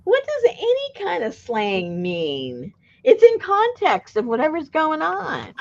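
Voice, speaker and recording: A woman's voice: sits high, slow, highs cut off. A woman hosting a craft video, chatting casually and laughing often as she talks. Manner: laughs often, animated and talkative. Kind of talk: casual chat while crafting.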